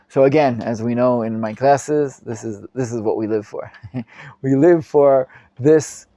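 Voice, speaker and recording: A man, a rabbi, teaching a live Bible class, reading Hebrew commentaries quickly and explaining them in English with frequent Hebrew terms. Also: vocal fry, no echo. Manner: animated, acts out quoted speakers with sudden loud pitch jumps.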